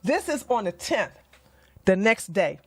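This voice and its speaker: A woman doing heated livestream commentary, blunt and animated, swearing and mocking as she swings from low muttering to loud outbursts. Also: a little slow, husky, no room sound. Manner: swears and mocks. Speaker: commentary streamer.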